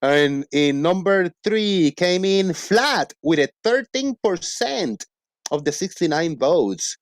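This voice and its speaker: A man's voice: high-pitched, expressive, slow, dry recording. Upbeat male host, dry close sound. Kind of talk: casual live-stream hosting.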